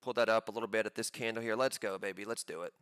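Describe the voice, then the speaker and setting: A man giving live commentary on his own trades, pumped up and talking in quick excited bursts. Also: lowish voice, clean tone, no room sound, clean studio sound. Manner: hyped, pumped-up chatter with sudden bursts.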